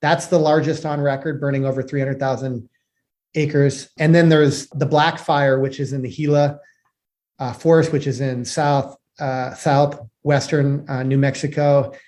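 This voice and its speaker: A man co-hosting a podcast, talking in a relaxed, chatty way full of "like" fillers. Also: medium pitch, a little slow. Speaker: podcast co-host. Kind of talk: casual conversational hosting.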